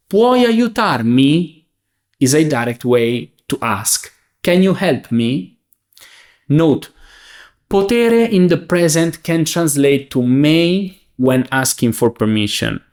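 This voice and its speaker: A man teaching a beginners' language lesson, saying examples slowly and clearly. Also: fairly high pitch. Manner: slow, clear, enunciating. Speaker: Italian teacher.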